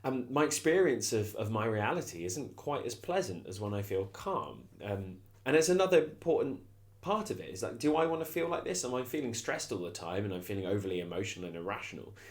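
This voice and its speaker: A man's voice: lowish voice, big pitch swings, fairly quick. A middle-aged man, giving a reflective, conversational self-help talk as a coach and often restarting his phrases. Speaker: coach and consultant.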